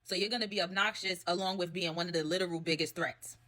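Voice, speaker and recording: Fast-talking sassy woman recapping TV. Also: lowish voice, fairly even intonation, sharp tone. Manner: sassy, chatty, quick asides and laughs. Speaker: reality TV recapper. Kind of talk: casual TV recap commentary.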